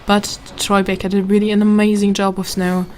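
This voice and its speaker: A woman's voice: medium pitch, flat delivery, brisk, darkish tone. A woman hosting a let's play, talking casually over her gameplay in chatty, rambling asides that she often restarts. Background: game music and sound.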